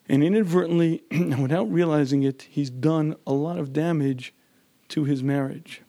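Male teacher with a somewhat higher voice, keeps clearing his throat, lively storytelling lecture. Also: normal speed. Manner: frequent throat-clearing, acts out quoted voices. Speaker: marriage teacher. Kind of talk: lecture on marriage.

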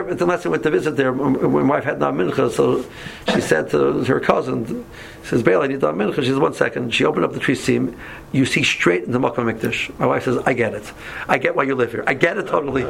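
A man teaching a class, telling a story in an animated way, acting out the dialogue with many restarts. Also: on the high side, vocal fry, a little hiss or hum. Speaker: Torah teacher.

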